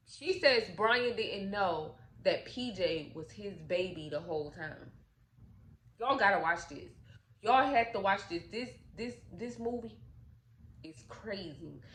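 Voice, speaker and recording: A woman telling a movie's story in a casual, animated, profane way, acting out the characters' lines. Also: medium pitch. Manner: animated, profane, acts out quotes. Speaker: storytime vlogger. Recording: echoey room with faint noise.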